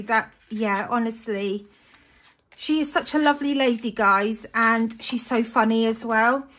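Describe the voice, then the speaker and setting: A British woman in a casual budgeting vlog, chatty and gushing, often breaking into excited exclamations. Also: on the high side, normal speed. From United Kingdom. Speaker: budgeting vlogger. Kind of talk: casual chat to camera.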